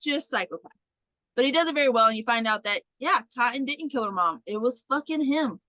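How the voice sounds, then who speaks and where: A woman co-hosting a podcast in casual chat, retelling a movie with lively storytelling, acting out lines and swearing casually. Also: a little high, brisk, no echo, low-quality recording. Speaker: podcast co-host.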